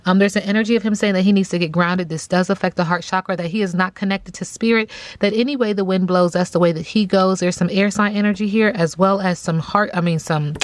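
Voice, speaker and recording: A woman giving a casual tarot reading in a chatty, drawn-out way, often checking in with "okay?". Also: mid-range voice, steady tone, no echo. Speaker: tarot reader.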